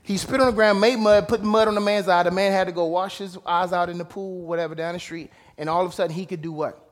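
A man preaching a sermon, casual and direct, dropping to low asides and rising to shouted emphasis. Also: steady tone, fast talker. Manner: casual, calls out to listeners. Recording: long hall reverb.

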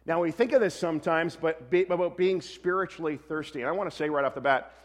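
Male pastor, slightly high voice, conversational sermon with reverb from a large hall. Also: quick pace. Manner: conversational, self-correcting, lightly humorous.

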